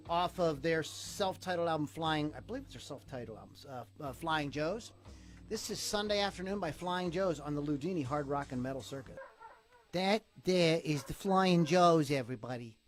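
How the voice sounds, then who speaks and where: A man hosting an online rock show, chatting casually in a jokey, rambling way and laughing loudly. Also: fairly high pitch, animated, a little fast, faint music behind. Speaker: show host. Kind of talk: casual radio-style chat.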